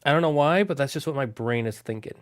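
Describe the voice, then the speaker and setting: Casual streamer musing aloud, dry sound. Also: male voice, medium pitch, no room sound. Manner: musing aloud, thinks out loud with quick asides. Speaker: streamer running a worldbuilding chat. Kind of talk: casual live-stream chat, reading chat aloud.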